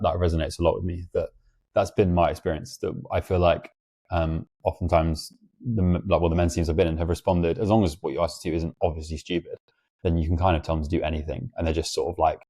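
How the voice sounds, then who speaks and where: A young man hosting an interview, chatty and quick with lots of casual fillers. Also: low-pitched, warm tone. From England. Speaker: podcast host.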